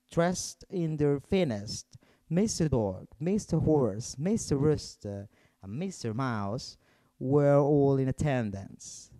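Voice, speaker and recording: A man reading a children's story aloud in an expressive storytelling manner. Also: a little high, clean tone, no echo.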